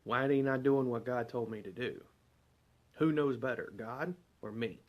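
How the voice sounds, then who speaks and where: A man delivers a devotional sermon in a relaxed, conversational way. He speaks at an ordinary pitch and often stops to put rhetorical questions to his listeners. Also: moderate pace, dull audio. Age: adult parent. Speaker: preacher.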